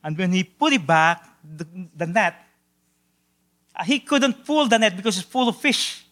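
Man, pastor, sermon, high voice, hushed-to-loud swings, drawn-out emphasis, occasional repeated words. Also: big pitch swings.

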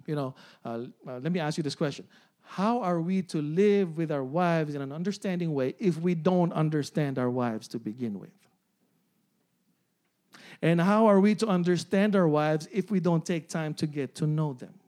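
A man's voice: a little high, moderate pace, darkish tone. A man in his forties preaching a sermon, often repeating phrases, asking the congregation "amen?" and "right?", and laughing along. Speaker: pastor.

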